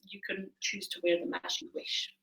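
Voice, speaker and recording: A woman's voice: medium pitch, level tone, moderate pace, vocal fry, sharp tone, far from the mic. A woman presenting a live shop chat from home, explaining things with many ums and small hesitations. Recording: echoey room, away from the mic.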